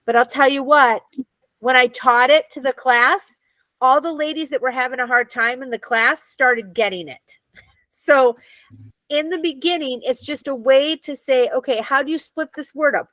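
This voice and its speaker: A woman's voice: high-pitched, sharp tone, no echo. An American woman teaching a Hebrew reading class, patiently checking that her students follow. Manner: patient, checks understanding often.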